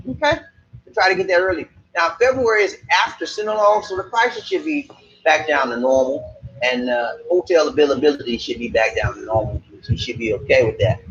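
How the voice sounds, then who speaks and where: A man's voice: a little high, fairly bright tone, lo-fi sound. A man from Charleston with a Geechee accent, hosting a casual live stream and talking straight to his viewers. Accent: Gullah Geechee, Charleston. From Charleston, South Carolina. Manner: chatty, repeats himself, talks to viewers directly. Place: Philippines, Cebu area.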